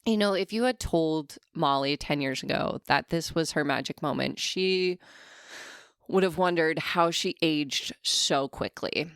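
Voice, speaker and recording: A woman's voice: sits low, a little slow, a bit bright, clear, resonant tone, no room sound, clean studio sound. A woman in her thirties co-hosting a podcast, chatting casually and joking with frequent laughter. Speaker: podcast co-host. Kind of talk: casual chat. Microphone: podcast mic.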